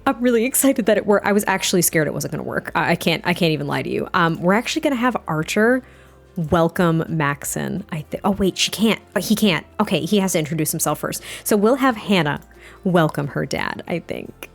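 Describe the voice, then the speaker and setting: A young adult woman giving excitable, chatty commentary on a life-sim game, often gasping and laughing. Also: fairly low pitch, fairly quick, vocal fry, soft background music. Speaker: let's play gamer. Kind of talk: gameplay commentary.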